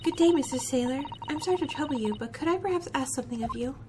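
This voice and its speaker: A woman's voice: sits high, quick pace, background noise, close to an everyday voice. A woman reading the lines of a polite young male student, with hesitant, courteous questioning.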